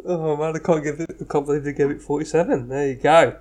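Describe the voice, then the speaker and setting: A man's voice: on the high side, fairly even intonation, fast talker, darkish tone. A man hosting a casual quiz chat with friends, joking and teasing as he reads out scores. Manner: jokey, laughing, teasing quiz host. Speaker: host.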